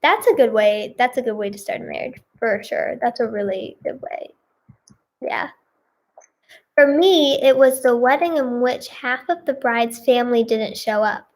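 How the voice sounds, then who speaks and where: Slow-talking, giggly woman reacting. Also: on the high side. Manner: giggly and exclamatory, repeating reactions. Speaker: singer and video creator. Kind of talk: casual reaction commentary, reading posts aloud.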